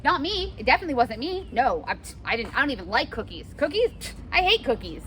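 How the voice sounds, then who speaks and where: A guilty kid, played by a woman in class scoffs and denies everything in a rush. The voice is pitched high and pushy, over a soft room hum. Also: big pitch swings, quick pace. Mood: defensive. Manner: overly defensive, scoffing. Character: guilty kid denying eating a cookie.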